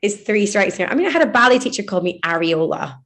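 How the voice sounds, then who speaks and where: A woman's voice: mid-range voice, very animated, quick pace, fairly bright tone. A woman with a British accent, a DJ and radio host, telling chatty stories in a casual interview. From United Kingdom. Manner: chatty anecdotal storytelling.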